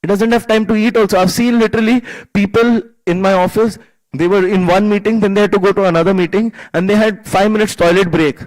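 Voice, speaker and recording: Animated high-voiced man giving scripture class. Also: quick pace, rough recording. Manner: animated storytelling, acts out quoted voices. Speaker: class speaker. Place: temple hall.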